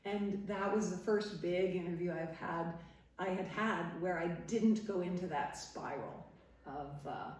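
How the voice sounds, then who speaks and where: A woman's voice: fairly low pitch, a little slow. A middle-aged woman from Nova Scotia, a former TV interviewer, telling stories to a live audience, laughing often and acting out what people said. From Nova Scotia, Canada. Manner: animated storyteller, laughs often, acts out quotes. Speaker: guest speaker, former TV interviewer. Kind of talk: storytelling talk to a live audience. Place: parish hall. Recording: echoey hall, voice from far off.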